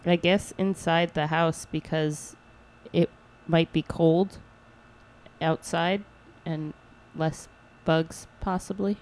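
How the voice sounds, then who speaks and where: A woman co-hosting a podcast, chatting casually with playful, quick quips. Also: deep voice, fairly even intonation, a little mellow. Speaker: podcast co-host. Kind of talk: casual chat.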